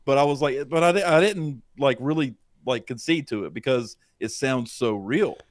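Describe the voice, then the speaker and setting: A man's voice: mid-range voice, normal speed, dry recording. A man co-hosting a live show, rambling casually with heavy swearing. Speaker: podcast co-host. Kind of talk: casual livestream chat.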